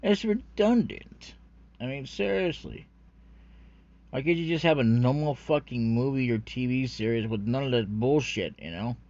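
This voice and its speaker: Male vlogger, mid-pitched, rambling profane rant, muffled lo-fi sound. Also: normal speed, a little mellow. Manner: profane, rambling, full of fillers and restarts. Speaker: anime commentary vlogger. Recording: dull lo-fi recording.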